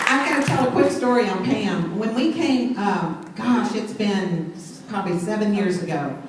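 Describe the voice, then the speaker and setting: A woman's voice: mid-range voice, expressive, a little slow, far from the mic. A middle-aged woman, telling an enthusiastic story to a crowd at a sales event. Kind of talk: motivational talk on stage. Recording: very echoey hall, mic set back, faint noise.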